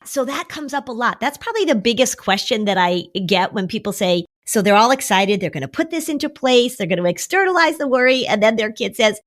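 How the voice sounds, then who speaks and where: Woman therapist explaining worry, animated. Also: on the high side, fairly quick, few pauses. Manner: animated, acts out quoted voices of worry and kids. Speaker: therapist and podcast host. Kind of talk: podcast conversation.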